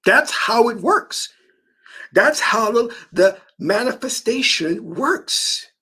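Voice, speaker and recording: A man's voice: extremely high pitch, lively intonation, slow, bright, forceful tone, husky. A man giving a motivational spiritual talk about manifesting through dreams, emphatic and given to storytelling.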